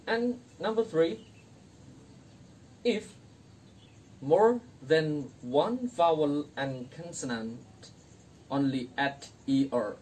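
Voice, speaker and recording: Slow young speaker from Indonesia teaching. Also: medium pitch, animated, darkish tone. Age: young adult. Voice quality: non-native English grammar. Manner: slow, repeating each example word. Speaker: student teacher. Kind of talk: classroom grammar lesson. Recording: distant mic, faint noise.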